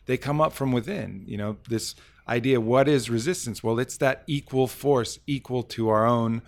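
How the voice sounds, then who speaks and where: A man's voice: medium pitch, moderate pace, gravelly. A man in casual podcast conversation, talking reflectively with many fillers and restarts.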